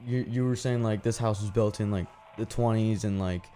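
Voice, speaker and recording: A man's voice: lowish voice, fairly even intonation, moderate pace, dark tone, soft background music. A man from a haunt cast reminiscing in casual chat, full of filler likes. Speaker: haunt attraction actor.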